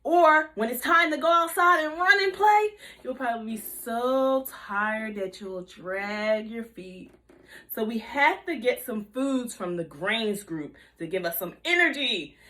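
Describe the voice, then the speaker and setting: A woman giving a kindergarten video lesson on healthy eating, in a bouncy teacher voice with call-and-response and drawn-out repeated words. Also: a little high, lively intonation, sharp tone. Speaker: nutrition educator for young children.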